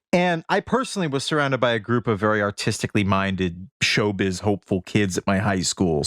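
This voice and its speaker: Low-voiced earnest podcast co-host man. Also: no room sound, clean studio sound. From Boston area, USA. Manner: earnest, articulate, sets up topics. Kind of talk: casual podcast chat.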